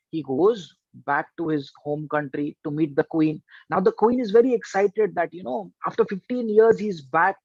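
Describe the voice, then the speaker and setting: High-voiced storyteller. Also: male voice, husky, dry recording, muffled recording. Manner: animated, emphatic storyteller. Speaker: trainer and life coach. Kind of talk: motivational storytelling to students.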